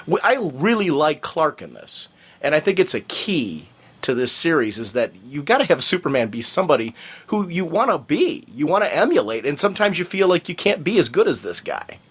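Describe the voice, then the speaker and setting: A man's voice: on the high side, brisk, breathy edge. A man co-hosting a fan podcast in casual chat, talking in a rambling way with lots of fillers. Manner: animated, rambling with many fillers. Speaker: podcast co-host.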